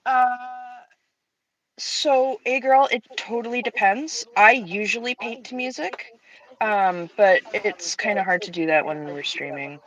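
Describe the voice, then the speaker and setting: A woman's voice: medium pitch, unhurried, a bit bright, a little hiss or hum. Woman, casual rambling streamer, self-deprecating, dull lo-fi stream audio. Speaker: streamer hosting an art stream. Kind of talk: casual chat while painting.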